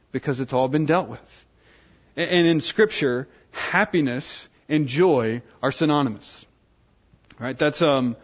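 Earnest preacher man, lo-fi sermon. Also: a little high. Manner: earnest, asks the audience "right?" often.

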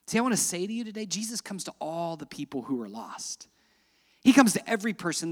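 Man, pastor, sermon, dramatic loud-to-hushed delivery, long hall reverb. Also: high voice.

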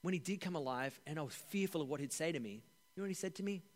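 A man voicing the apostle Peter, a grateful older fisherman, in quiet, earnest first-person testimony. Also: on the high side, animated, very fast, natural voice. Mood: earnest, reflective. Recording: echoey hall.

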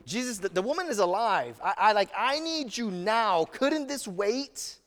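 A man's voice: high-pitched, big pitch swings, measured pace, a bit bright, long reverb tail, pitched above the performer's own voice, exaggerated voice. A man doing a frantic pleading father. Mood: anxious pleading. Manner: urgent, stammering plea. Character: desperate middle-aged father pleading for his daughter.

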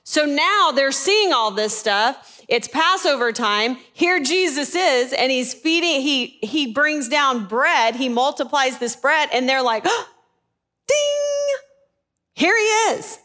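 A woman teaching a Bible lesson in a sermon style, animated and asking her listeners questions. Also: sits high, a little slow, few pauses.

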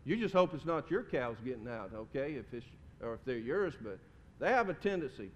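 With a sing-song, brisk delivery, a pastor preaches in his church sanctuary, chatting in a folksy way and questioning the congregation. The recording echoes through the hall with a faint rumble, and its highs are cut off.

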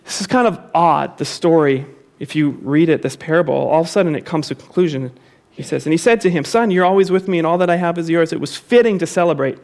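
A man's voice: a little high, quick pace, vocal fry, darkish tone. A pastor preaching a sermon to his congregation, repeating key phrases for emphasis and calling the listeners to say them back with him.

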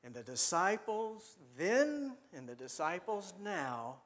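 A man's voice: high-pitched, sing-song, takes it slowly. A man preaching a sermon in a conversational way, often asking his listeners questions and repeating words as he thinks aloud.

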